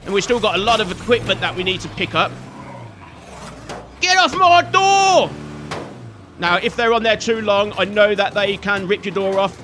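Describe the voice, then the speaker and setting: A man's voice: high voice, steady tone, fast, hardly any pauses, sharp tone, a little hiss or hum. A man giving chatty, jokey let's-play commentary and scolding the enemies on screen. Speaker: gaming video host.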